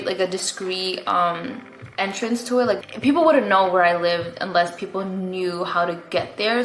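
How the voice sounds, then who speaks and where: A woman's voice: mid-range voice, fairly bright tone, slight background noise. Young woman, vlogger, casual story-time chat, rambling with fillers, echoey room. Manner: chatty, rambling, lots of fillers and "like". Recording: echoey room, faint ambience.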